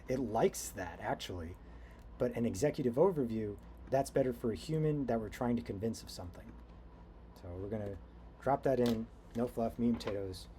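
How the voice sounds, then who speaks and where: A man's voice: mid-range voice, mellow, slight background noise. An American man teaching a training seminar, talking in a loose, digressive way with many fillers and restarts. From United States. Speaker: instructor.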